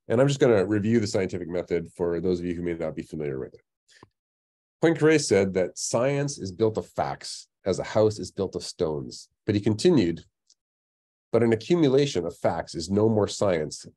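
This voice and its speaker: A man's voice: deep voice, warm tone. A middle-aged man lecturing in a public science webinar, talking conversationally with lots of fillers and restarts. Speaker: astronomy lecturer. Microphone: computer mic on a webinar call.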